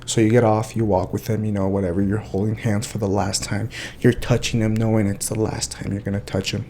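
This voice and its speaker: A young man co-hosting a podcast, chatting casually and telling animated, profane stories. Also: lowish voice, fairly quick, slight background noise. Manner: animated storytelling, swears freely. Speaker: podcast co-host. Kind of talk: casual chat.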